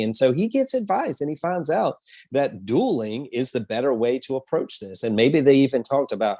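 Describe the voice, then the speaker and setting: A man's voice: mid-range voice, lively intonation, moderate pace, darkish tone, dry recording. A man co-hosting a history podcast, telling the story in a casual, rambling way with many fillers. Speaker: podcast co-host.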